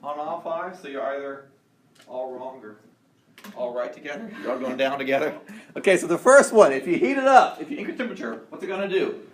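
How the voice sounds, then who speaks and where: A man's voice: a little high, lively intonation, fairly quick. A man teaching a college chemistry class, upbeat and quizzing his students, with frequent restarts. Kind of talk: classroom lecture. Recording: roomy classroom sound, faint noise.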